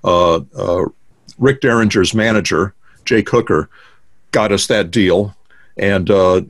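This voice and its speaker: A man's voice: low voice, slow, dry recording. A man in his sixties, a guest drummer, telling stories in a casual interview with many fillers and restarts over a video call. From United States. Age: 60s.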